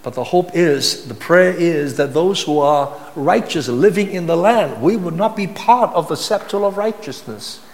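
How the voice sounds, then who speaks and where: A man's voice: lively intonation, normal speed, few pauses. Emphatic preacher man in a reverberant hall. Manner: emphatic preaching, rising to high-pitched intensity, with repetition. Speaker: pastor. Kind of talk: sermon.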